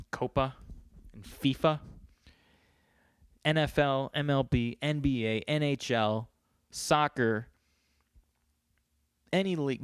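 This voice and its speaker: A man's voice: mid-range voice, no room sound, studio quality. A man from New York hosting a podcast, talking in a rambling, profane, joking casual monologue. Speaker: podcast host.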